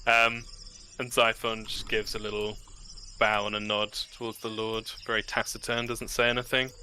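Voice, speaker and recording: Bright-voiced man running a tabletop game. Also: lowish voice, monotone, normal speed, slight background noise. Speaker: game master.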